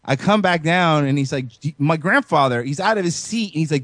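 Young man with a bright, dry-sounding voice. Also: fairly high pitch, a little fast, few pauses, dry recording. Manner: profane, animated storytelling with voiced quotes. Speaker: podcast host. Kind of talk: casual chat.

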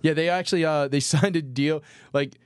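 A man's voice: a little high, fairly even intonation, moderate pace, clear, resonant tone, no room sound, clean studio sound. A man co-hosting a casual podcast, laid-back and profane, tossing out ideas. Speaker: podcast co-host. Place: small podcast studio.

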